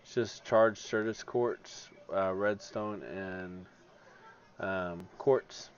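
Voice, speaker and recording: A tired man with a fairly low voice talks through his game stream, half-mumbling his moves to himself and then breaking into loud, laughing outbursts. He yawns now and then. The audio is dull and muffled, with a faint hiss underneath. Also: fairly even intonation, very slow. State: sleepy, yawning. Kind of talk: casual gameplay commentary.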